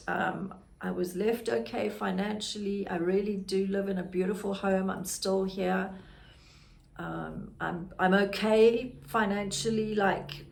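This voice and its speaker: A middle-aged South African woman, a podcast host and grief guide, candidly and reflectively tells her personal story. Her voice is medium in pitch, gravelly and a little slow.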